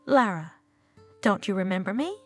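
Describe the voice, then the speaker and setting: A woman's voice: medium pitch, lively intonation, moderate pace. A woman narrator voicing a shocked, grieving widower who pleads with a stranger, with faint guitar music behind. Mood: pleading. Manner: pleading, bewildered.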